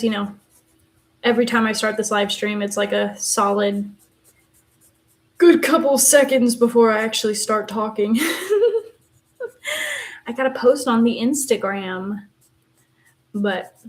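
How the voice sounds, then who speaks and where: Young West Texan woman, rambling live-stream chatter while coloring, voice sitting at an average pitch. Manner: rambling and chatty, many fillers and asides. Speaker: live streamer, university theater student.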